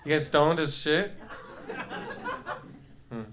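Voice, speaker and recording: A young man performs loose stand-up on a club stage through a handheld mic, wandering between bits and teasing the crowd. His voice sits fairly high for a man, and he drifts into silly put-on voices. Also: lively intonation, takes it slowly. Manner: goofy, rambling, jumps into silly voices. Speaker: stand-up comedian. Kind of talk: loose stand-up riffing with the audience.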